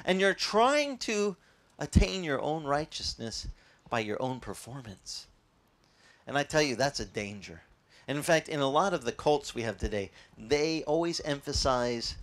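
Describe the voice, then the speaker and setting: A male pastor preaching a sermon in a lively, conversational way, quizzing his audience. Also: fairly high pitch.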